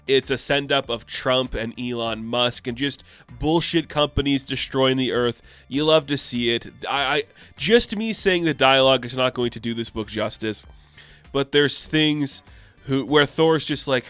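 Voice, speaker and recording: Excited rambling man doing a comic review vlog, swears a lot, mid pitch, dry close mic. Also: measured pace, clean tone, no echo, faint music behind.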